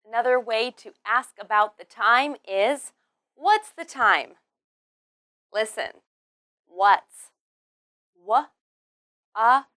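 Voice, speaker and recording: A woman teaching English pronunciation, drilling words one by one and stressing each clearly. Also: a little high, takes it slowly, pushed and bright, no echo, studio quality. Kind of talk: slow, deliberate pronunciation lesson.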